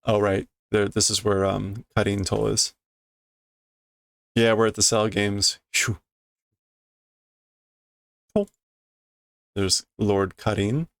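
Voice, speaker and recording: A man works slowly through a manga, reading and translating as he goes. His voice has a gravelly edge, and he keeps hesitating and correcting himself while he thinks out loud. The sound is dry and close. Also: fairly low pitch, fairly even intonation, no echo. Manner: hesitant, self-correcting, muttering through guesses. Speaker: streamer reading a manga aloud.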